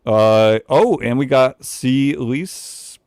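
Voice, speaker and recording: A man's voice: medium pitch, darkish tone, clear, resonant tone, dry recording, studio quality. Joking man hosting a livestream. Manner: loose, joking, quick bursts. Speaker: livestream host. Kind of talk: casual livestream chat.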